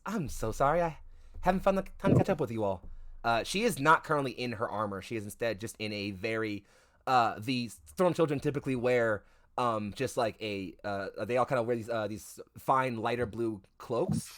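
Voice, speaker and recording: A man with a medium-pitched, fairly bright voice narrates a tabletop game on stream as game master. He rambles through fillers and self-corrections, swearing now and then.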